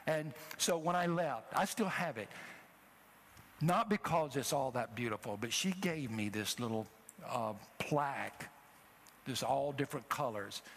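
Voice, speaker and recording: A middle-aged man preaching a sermon, telling a personal story with emotion and rising to loud exhortations. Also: mid-range voice, animated, unhurried, a little hiss or hum. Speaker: traveling preacher.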